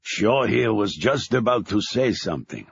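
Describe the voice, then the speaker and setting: A man's voice: fairly low pitch, lively intonation, moderate pace, creaky, husky, dry recording, muffled recording, exaggerated voice. A man reading, voicing a big, hearty German father with a heavy German accent.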